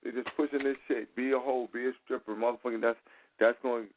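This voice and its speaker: On his talk show, a man spins a casual story in loose, profane street slang, staying animated and fairly quick the whole way. His pitch is an everyday middle, and the narrow, tinny sound resembles a phone line, with a little hiss or hum.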